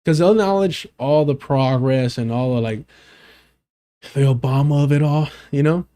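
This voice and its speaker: A man's voice: medium pitch, moderate pace, warm tone. A man on a live stream arguing a point with pressing rhetorical questions. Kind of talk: streamed debate argument.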